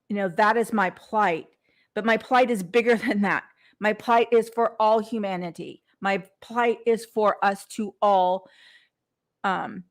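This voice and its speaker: A woman hosting a motivational podcast, talking earnestly in an unscripted monologue, often repeating words and restarting. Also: on the high side. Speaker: podcast host and coach.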